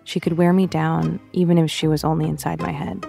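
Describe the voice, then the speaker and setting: Young woman, personal essay reading, low voice, vocal fry, soft music behind. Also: level tone. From Russia, raised in the US. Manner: reflective, measured, quietly confessional.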